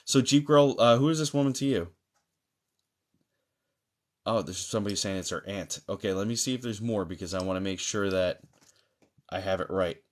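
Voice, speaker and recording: A man's voice: on the low side, normal speed, long pauses. A man hosting a live-stream mediumship session, greeting viewers by name and reading chat aloud in a chatty manner with many fillers.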